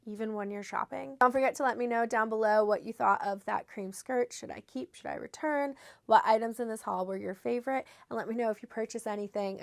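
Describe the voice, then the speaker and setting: A woman's voice: medium pitch, no room sound, studio quality. Congested young woman chatting on camera. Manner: chatty, self-deprecating, trails off and restarts. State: congested from a head cold. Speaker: fashion vlogger. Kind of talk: casual try-on haul chat to camera.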